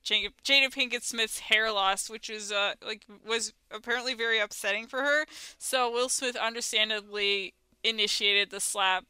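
A woman's voice: fairly high pitch, fairly even intonation, normal speed, bright, forceful tone, clear, resonant tone, dry recording. A woman co-hosting a podcast in casual chat, rambling with lots of "like" and "um" and restarting her sentences. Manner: rambling, filler-heavy, many restarts. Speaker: podcast co-host.

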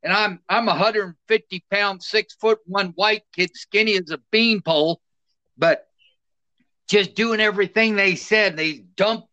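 In a casual interview, a retired soldier in middle age spins unhurried, plainspoken yarns, lively and punctuated by laughs. His pitch is high, and the recording has its highs cut off.

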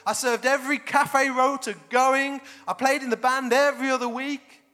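A man voicing a resentful, dutiful older brother who complains loudly about all he has done. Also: very high voice, fairly even intonation, normal speed, voice pushed up. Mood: aggrieved.

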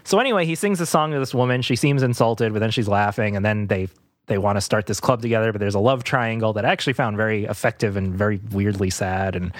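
A man's voice: fairly low pitch, quick pace, no room sound. A man hosting a casual podcast about music, rambling with frequent laughs and restarts. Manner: slips into goofy impressions. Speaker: podcast host.

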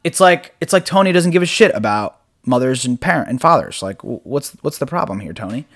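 A young podcast host with an expressive, fairly bright, medium-pitched voice talks fairly quickly on a casual solo show from his apartment. He rambles in a loose, laid-back way, swearing freely and laughing often.

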